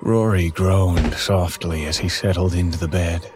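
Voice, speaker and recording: A man narrating a horror story in a measured, somber way from a script. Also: low-pitched, steady tone, over music.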